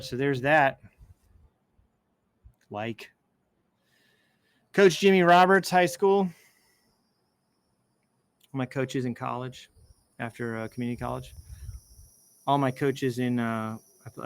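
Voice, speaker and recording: A male host speaks unhurriedly, pausing often, in a medium-pitched, fairly even voice. He reads posts aloud on a casual show, wandering into enthusiastic personal asides and breaking off mid-thought. The recording is rough.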